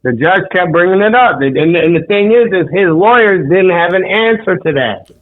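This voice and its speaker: A man's voice: high voice, animated, moderate pace. Man on a tinny phone-like line. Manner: inquisitive, brings up news details. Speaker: podcast co-host. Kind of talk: casual chat.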